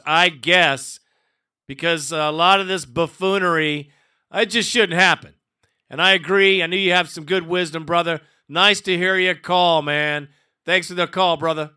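Male call-in host, blunt and profane, bright resonant voice. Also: high-pitched, clean tone. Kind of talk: sports call-in radio hosting.

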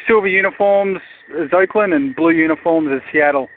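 A man's voice: fairly high pitch, moderate pace, a little hiss or hum. Australian man on a tinny phone line. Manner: sardonic, rambling with fillers. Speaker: caller. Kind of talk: phoned-in voicemail rant.

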